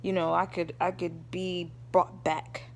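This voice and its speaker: A woman's voice: lowish voice, flat delivery, a little slow, slight background noise. A woman vlogger telling a personal story in a rambling, casual way, often stopping to check in with her listeners. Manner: rambling, checks in with listeners, addresses them as y'all.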